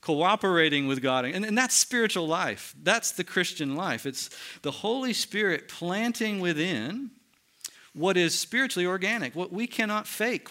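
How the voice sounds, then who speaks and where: A man's voice: on the high side, sharp tone. A man preaching a sermon, teaching earnestly and asking his listeners rhetorical questions. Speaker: pastor.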